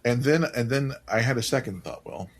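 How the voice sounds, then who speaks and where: Male co-host, medium pitch, emphatic and profane, wry casual chat. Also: expressive, brisk. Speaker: podcast co-host.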